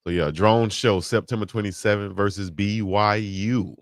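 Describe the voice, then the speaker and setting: A man's voice: on the low side, steady tone, moderate pace, dry recording, clean studio sound. A man co-hosting a casual sports talk show, joking and trading banter with his co-hosts. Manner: joking, trash-talking banter. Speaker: co-host.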